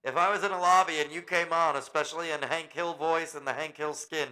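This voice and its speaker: A man's voice: a little high, fairly even intonation, brisk, sharp tone, low-quality recording. A man hosting a casual show, jokey and upbeat as he talks with his guest. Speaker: podcast host. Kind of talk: casual chat.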